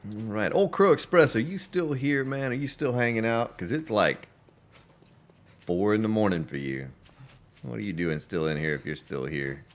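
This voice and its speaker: A man's voice: fairly low pitch, lively intonation, normal speed. A man commentating his own gameplay on a live stream, chatting along and greeting viewers by name. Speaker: game streamer.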